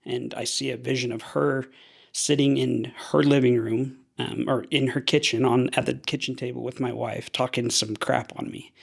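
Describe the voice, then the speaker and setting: This young man from Idaho tells a personal story on a podcast, earnest and hesitant, with many restarts. His medium-pitched voice moves little in pitch and has vocal fry.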